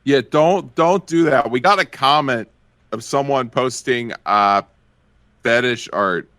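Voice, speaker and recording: A playful man chatting on a podcast, tossing in quick asides. His voice sits in a middle pitch. It is recorded close with a dry, roomless sound. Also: a bit bright, no room sound. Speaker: podcast co-host. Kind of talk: casual group chat.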